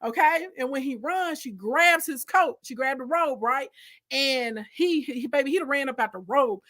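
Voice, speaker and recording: A woman giving a lively, slangy, humorous Bible retelling, calling her listeners girl and baby. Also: sits high, moderate pace. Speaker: Bible storyteller.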